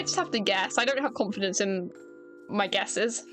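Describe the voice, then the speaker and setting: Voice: mid-range voice, moderate pace, fairly bright tone. A streamer casually chatting while playing a game and reading its dialogue, rambling and joking. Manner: rambling, joking, self-deprecating. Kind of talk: casual gameplay commentary, reading dialogue aloud. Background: game music.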